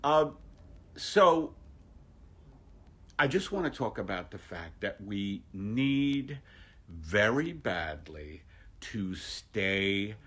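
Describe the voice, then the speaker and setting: A man's voice: on the low side, fairly bright tone. A male comedian rambling through a casual livestream from home, self-mocking and jokey. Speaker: stand-up comedian hosting a livestream. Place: home, during lockdown.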